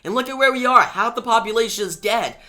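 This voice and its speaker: A man reading the lines of a stern adult female superhero leader in a comic recap, sharp and impatient. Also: a little high, animated, normal speed. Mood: urgent.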